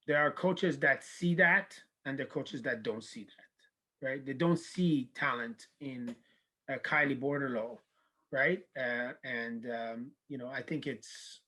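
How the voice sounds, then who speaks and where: Animated, bright-voiced coach telling stories. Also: male voice, medium pitch, poor audio. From Canada. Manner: animated storyteller, acts out quoted dialogue. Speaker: university soccer coach. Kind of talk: casual video-call interview.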